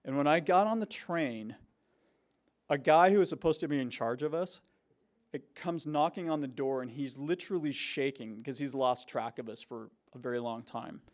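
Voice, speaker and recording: A man telling stories to university students in a casual, animated way, with many fillers and restarts. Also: mid-range voice, normal speed. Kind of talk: casual storytelling talk. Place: university hall before a student audience.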